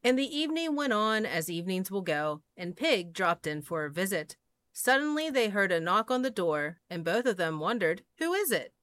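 Expressive woman reading picture books aloud. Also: medium pitch, moderate pace, no room sound. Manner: expressive, sing-song storybook reading. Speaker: storyteller.

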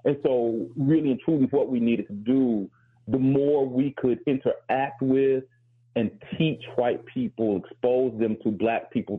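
A man's voice: medium pitch, slightly rough, narrow, tinny audio. A male professor hosting a talk show, speaking candidly and reflectively with frequent restarts. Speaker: host and professor.

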